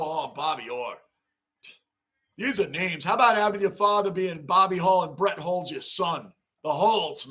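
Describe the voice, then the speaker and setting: Man, very high voice, bright and sharp, livestream host, casual chat, excitable, shouts at big plays. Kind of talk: casual live-chat sports reaction.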